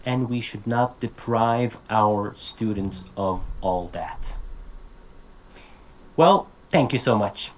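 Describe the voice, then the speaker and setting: A man's voice: lowish voice, slow, poor audio. A man giving an online talk to language teachers. He is casual and direct, repeats his points, and says example words aloud as drills. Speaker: lecturer.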